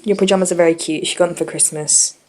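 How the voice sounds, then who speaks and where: A young woman, chatting casually and excitedly in a vlog, often laughing. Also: lowish voice, fast talker, a little hiss or hum. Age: young adult. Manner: giggly, excitable. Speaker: vlogger.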